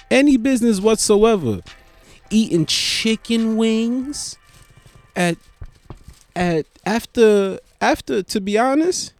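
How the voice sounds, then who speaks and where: Sleepy, rambling comedian man, slow talk. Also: high voice, no room sound. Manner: rambling, profane, self-mocking. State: sleepy, yawning. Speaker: stand-up comedian. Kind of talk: late-night casual monologue.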